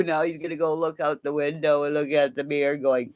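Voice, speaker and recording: A woman's voice: deep voice, little pitch movement, a little fast, few pauses, a little mellow. A woman in a rambling, profane casual chat, talking to her pets between asides. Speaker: vlogger.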